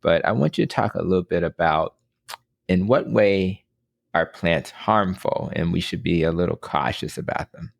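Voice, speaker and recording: A man's voice: sits low, moderate pace, creaky, no echo, studio quality. A man hosting a podcast and interviewing a guest, earnest, often repeating words as he starts a sentence. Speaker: podcast host, physician. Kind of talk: conversational interview.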